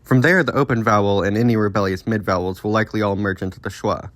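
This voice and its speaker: Male narrator for an educational voice-over, lower pitch, dry sound, calm explanatory read. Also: dry recording. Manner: measured, explanatory delivery. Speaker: linguistics video creator.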